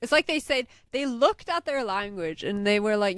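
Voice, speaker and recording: A woman's voice: mid-range voice, lively intonation, moderate pace, no room sound, studio quality. A woman co-hosting a podcast, chatting casually in English with teasing, giggly banter. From Norway. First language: Norwegian. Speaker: podcast co-host.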